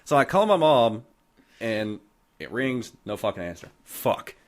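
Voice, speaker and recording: A man casually telling a story on a podcast, animated and full of cursing. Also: mid-range voice, measured pace. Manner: profane, animated, heavy cursing. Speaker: podcast host.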